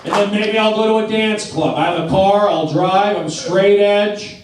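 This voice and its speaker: A man's voice: high voice, steady tone, moderate pace. A man doing stand-up comedy on a club stage, blunt and self-deprecating in short repeated sentences, with audience laughter behind him. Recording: distant echoey club recording, noisy.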